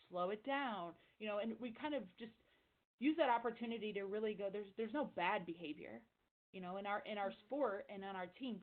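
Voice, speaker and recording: A woman volleyball coach talking fast and energetically in a casual interview, over a tinny phone-like line. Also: mid-range voice.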